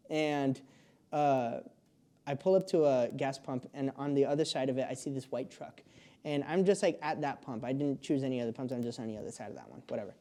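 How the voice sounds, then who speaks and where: A young man with a mellow, darker voice, talking at a middle pitch. He rambles through a story in casual podcast chat, padding it with fillers and breaking into laughs. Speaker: podcast guest.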